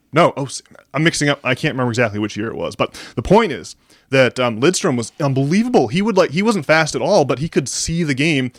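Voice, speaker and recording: A man around forty co-hosting a podcast. He rambles and restarts when chatting, then reads an essay aloud slowly and with emphasis. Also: mid-range voice, dry recording, clean studio sound. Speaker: podcast co-host. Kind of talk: casual podcast chat and essay reading aloud.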